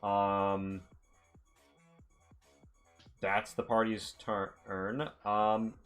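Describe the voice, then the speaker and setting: A low-pitched man narrates as game master for a tabletop role-playing game. He talks hesitantly, stopping often to find his words, while faint music plays underneath. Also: little pitch movement, extremely slow, a bit bright. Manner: hesitant, filler-heavy narration.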